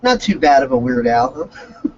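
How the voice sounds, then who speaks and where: A man's voice: mid-range voice, sing-song, unhurried, breathy edge. Joking man on a dull lo-fi line. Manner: loose, joking, swears freely. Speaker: podcast co-host. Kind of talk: casual comedic chat. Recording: dull lo-fi audio with faint hiss.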